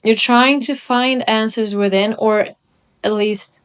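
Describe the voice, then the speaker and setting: A young woman reading tarot cards at home, talking slowly and musingly with many pauses. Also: fairly high pitch, fairly even intonation, clear, resonant tone. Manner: slow, musing delivery with frequent pauses. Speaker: tarot reader. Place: room at home by a window.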